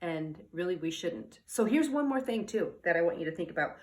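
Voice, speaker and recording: A woman's voice: on the low side, lively intonation, brisk, darkish tone. A woman talking as a parenting coach in a casual advice monologue. She rambles, restarts her sentences and keeps checking in with "okay?" and "all right?".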